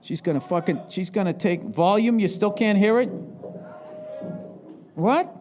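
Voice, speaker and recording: A man doing live stand-up, ranting sarcastically and profanely, with shouted bursts, on a handheld mic before a big crowd. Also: high-pitched, a little fast, slight background noise. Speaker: stand-up comedian. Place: large live venue with audience. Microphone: handheld microphone.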